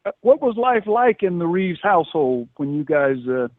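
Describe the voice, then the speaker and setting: A man hosting a radio interview, speaking haltingly with many fillers. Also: high-pitched, very animated, no echo. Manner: halting, warm, hesitant with fillers. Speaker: radio host. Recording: tinny phone-like line, dry.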